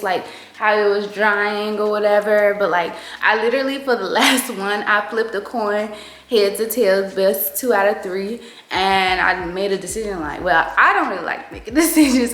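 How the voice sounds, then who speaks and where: A young woman talks through a finished home project in a chatty, bubbly way, filling every pause with casual fillers. Her voice sits at a middling pitch. It rings a little off the walls of the room. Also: a bit bright, reverberant. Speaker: home decor vlogger. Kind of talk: casual chat.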